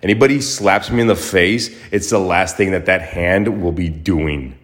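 A man with a low, deep voice tells a personal story on his podcast in a loose, casual monologue. He rambles, restarts and leans on fillers, and he gets animated when he acts out the action. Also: normal speed. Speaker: podcast host.

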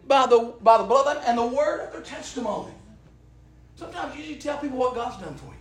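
High-voiced preacher, echoey church. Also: male voice, fairly quick. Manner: impassioned, rising to shouts, folksy. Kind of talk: sermon with call and response.

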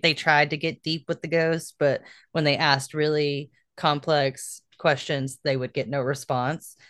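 A woman's voice: sits low, a bit bright, smooth, no room sound, studio quality. A young woman co-hosting a casual podcast, chatty and full of fillers, laughing easily. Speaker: podcast co-host. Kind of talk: casual chat.

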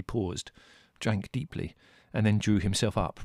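A man reading an audiobook in a wry, measured storytelling manner. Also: lowish voice, a little mellow, no room sound, clean studio sound. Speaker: audiobook reader. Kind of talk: scripted narration.

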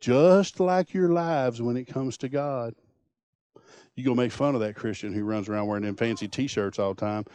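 A man preaching a sermon, folksy and impassioned, swinging from hushed to booming. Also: moderate pace, smooth. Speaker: pastor.

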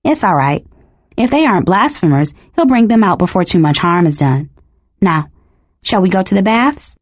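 A woman's voice: medium pitch, expressive, moderate pace, slightly rough, dry recording. A woman voicing an innocent, enthusiastic teenage girl in a storybook reading, speaking earnestly.

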